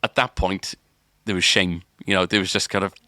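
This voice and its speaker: A man's voice: sits low, steady tone, a little fast, pushed and bright, no echo, studio quality. A man, a podcast co-host, telling a long story in casual chat, rambling with restarts and filler words.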